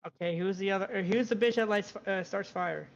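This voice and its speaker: A man's voice: high-pitched, brisk, creaky, highs cut off. A man talking loosely over voice chat, swearing casually as he signs off his own stream. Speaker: fellow streamer.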